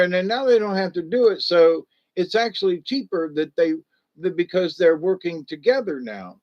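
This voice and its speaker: A man's voice: high-pitched, dull audio. A man hosting a casual livestream, rambling in a loose, folksy way and greeting viewers by name. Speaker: livestream host.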